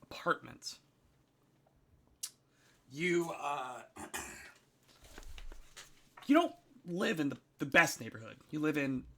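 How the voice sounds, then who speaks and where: A man's voice: on the high side, sing-song, takes it slowly, pauses often, sharp tone, a little hiss or hum. A man running a tabletop game as game master, narrating casually with many fillers.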